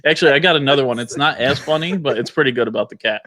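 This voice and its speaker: A man's voice: medium pitch, rapid-fire, sharp tone, a little hiss or hum. A man chatting casually as a podcast guest, telling a long rambling story full of "like" and restarts.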